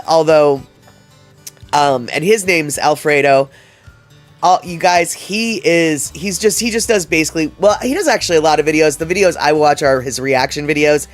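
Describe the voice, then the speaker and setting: A man hosting a livestream, chatting casually and reading out viewer comments in a rambling way, with many fillers and restarts. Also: fairly high pitch. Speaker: livestream host.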